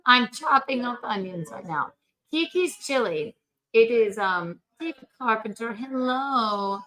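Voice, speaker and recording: A woman's voice: fairly high pitch, lively intonation, a little slow, a bit bright, poor audio. A woman hosting a casual livestream while she cooks, chatty and brash, gossiping and swearing freely. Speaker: livestream host.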